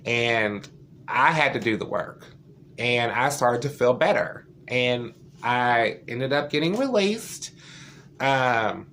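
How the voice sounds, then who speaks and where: A man's voice: medium pitch, fairly bright tone. Guy vlogging, earnest and open, chatty with lots of fillers, a little faint room noise. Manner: earnest, candid and heartfelt; loose and conversational, with many fillers. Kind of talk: personal story to camera.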